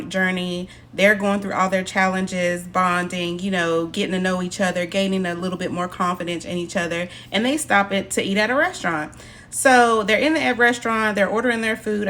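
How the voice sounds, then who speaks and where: A woman's voice: medium pitch, a bit bright. A woman casually retelling a film's plot in a chatty way, quoting the characters in her own voice. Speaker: film recap narrator.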